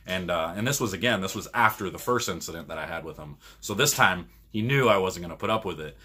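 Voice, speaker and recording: A man's voice: low-pitched, fast, breathy edge. A man from Michigan, a podcast co-host, rambling through casual stories and laughing often. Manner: rambling, laughs often, animated when retelling arguments. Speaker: podcast co-host and pro bowler. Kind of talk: casual storytelling.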